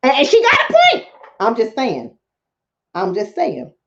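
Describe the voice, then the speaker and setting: A woman's voice: a little high, huge pitch swings, a little slow, a bit bright, dull audio. A woman vlogger and coach giving impassioned commentary to her viewers, preaching, repeating lines for emphasis and calling them family.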